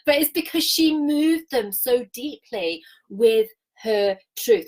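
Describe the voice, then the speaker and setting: A woman's voice: a little high, normal speed, poor audio. A woman in her thirties giving a passionate, chatty business coaching talk and laughing often. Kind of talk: live online coaching talk.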